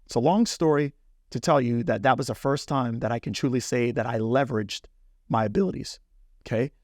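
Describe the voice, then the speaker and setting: A man's voice: mid-range voice, brisk, darkish tone, no echo, studio quality. A middle-aged man hosting a business talk, telling a personal story in a casual, conversational way and speaking straight to the listener. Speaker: podcast host.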